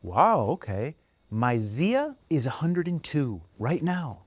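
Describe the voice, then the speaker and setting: A man voicing a sweet, cocky six-year-old mafioso boy in a high little voice while telling a joke. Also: big pitch swings, slow pace, dry recording, heavily acted. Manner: polite, then suddenly profane.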